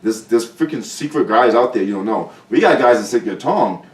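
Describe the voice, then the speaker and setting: A man talking as a guest fighter in a casual podcast chat, blunt and profane with animated storytelling. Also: medium pitch, a little fast. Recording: roomy sound from a distant mic.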